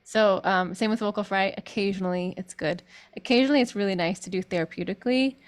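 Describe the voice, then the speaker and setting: A woman's voice: mid-range voice, fast. A woman vocal coach giving a chatty online group singing lesson, breaking into sung demonstrations.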